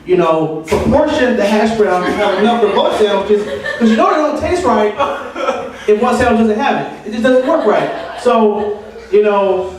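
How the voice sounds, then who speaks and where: Stand-up comic, male, higher voice, rambling rants; echoey room, mic at a distance, crowd audible. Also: animated, normal speed. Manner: rambling, ranting storytelling. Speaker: open mic comedian. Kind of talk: stand-up comedy. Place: open mic venue with audience. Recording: echoey room from far off, audience.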